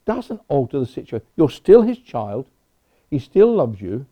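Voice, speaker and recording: A man's voice: mid-range voice, very animated, normal speed, warm tone. A man preaching a sermon in a conversational way, with personal asides. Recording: dull lo-fi recording.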